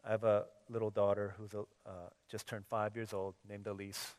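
A man in his thirties preaching a sermon, telling a funny story with acted dialogue, swinging from soft to loud. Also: on the low side, level tone, normal speed, big-room sound. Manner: humorous, plays out scenes in quoted dialogue. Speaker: pastor.

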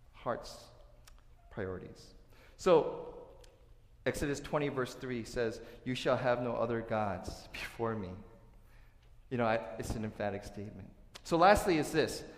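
Earnest preacher in an echoey hall. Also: male voice, a little high. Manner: earnest, swings between soft asides and loud emphatic points. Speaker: pastor. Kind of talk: sermon. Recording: echoey hall with long reverb.

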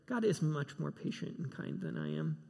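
A man's voice: fairly high pitch, huge pitch swings, moderate pace, creaky, mellow. A man preaching a sermon, emphatic and given to repeating himself. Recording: long hall reverb.

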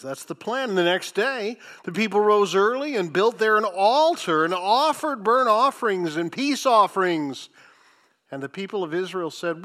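A man preaching a sermon, reading scripture and commenting with sarcasm, swinging from loud emphasis to hushed asides. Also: sits high, lively intonation, moderate pace.

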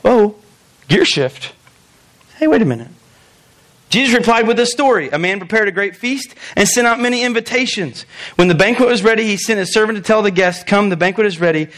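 Brisk and a bit bright, this pastor's high-sitting voice carries a conversational sermon. He reads scripture aloud, dramatizes the voices of its figures and chuckles at times.

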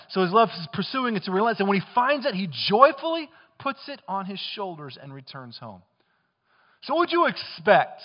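A man preaching a sermon as pastor, impassioned, swinging between loud bursts and hushed lines. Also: high-pitched, big-room sound, muffled recording.

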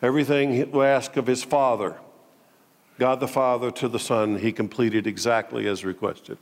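Preacher, man, mid-pitch, delivering a dramatic sermon with long hall reverb. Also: fairly even intonation, moderate pace. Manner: dramatic, swings between loud declaiming and low intimate tones. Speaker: pastor.

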